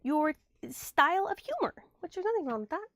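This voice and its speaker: A woman's voice: very high voice, big pitch swings, fairly quick, fairly bright tone, dry recording. A young woman recovering from illness, chatting casually on a livestream from a room at home, thanking viewers and muttering asides to herself as she tidies.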